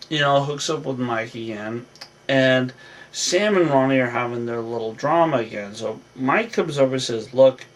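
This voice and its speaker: Gravelly man rambling through a show recap. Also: mid-range voice. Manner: rambling, restarts and fillers, acts out quotes. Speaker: vlogger recapping a reality show. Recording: voice a bit distant from the mic.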